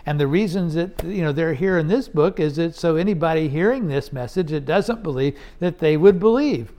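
Higher-pitched male Bible teacher. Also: normal speed, warm tone. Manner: conversational, explaining with rhetorical questions; frequent restarts and "okay"s.

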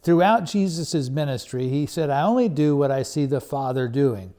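A man preaches a sermon with an earnest, halting delivery, restarting phrases and leaning on fillers as he explains a passage. His voice sits a little high, with a dark, mellow tone. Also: expressive. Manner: earnest, with frequent repeated words and fillers. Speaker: pastor.

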